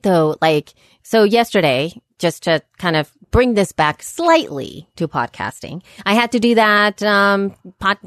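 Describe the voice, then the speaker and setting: A woman in her thirties co-hosting a podcast, telling family stories in casual chat and getting animated when she quotes people. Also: mid-range voice, no echo, clean studio sound. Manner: chatty storyteller, animated when quoting. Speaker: podcast co-host.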